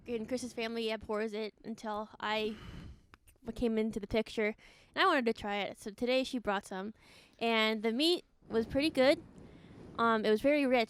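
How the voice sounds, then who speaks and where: A woman's voice: fairly high pitch, steady tone, normal speed. A young woman co-hosting a podcast in casual chat, easygoing and a little hesitant. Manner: easygoing, giggly, a bit hesitant. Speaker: podcast co-host.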